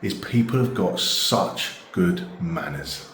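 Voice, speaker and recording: A man's voice: sits low, animated, takes it slowly, a bit bright. A British man talking casually and earnestly to camera in a vlog. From Britain. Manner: chatty, earnest, repeats "genuinely". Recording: echoey room with faint noise.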